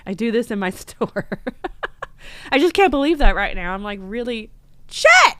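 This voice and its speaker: A woman running a casual live stream from her store, chatty and excitable, with lots of ums. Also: medium pitch, moderate pace, smooth, no echo. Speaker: shop owner hosting a livestream.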